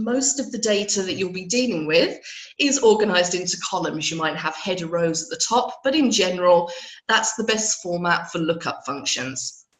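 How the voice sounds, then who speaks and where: A woman, an IT trainer, hosting a live training webinar while hoarse and congested from a cold, chatty and laughing at herself. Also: mid-range voice, reverberant, low-quality recording.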